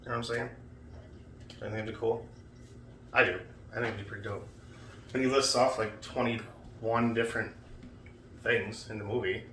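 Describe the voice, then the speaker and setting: A man's voice: fairly low pitch, little pitch movement, moderate pace, long pauses, pushed and bright. A man co-hosting a casual food vlog, talking in a laid-back, playful way. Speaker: co-host. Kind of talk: casual chat, comedy skit. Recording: roomy sound from a distant mic, faint noise.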